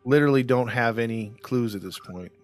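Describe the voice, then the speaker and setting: A man's voice: mid-range voice, brisk, no room sound, soft background music. Rambling male true crime host. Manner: rambling, filler-heavy storytelling. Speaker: podcast host and case narrator. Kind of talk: casual true crime chat.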